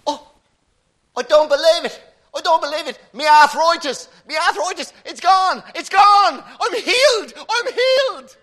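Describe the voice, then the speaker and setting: Man doing a squeaky, thrilled Irish pub fella for a joke, bright and lively. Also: unhurried, full character voice. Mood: ecstatic. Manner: high, shrill, exclaiming.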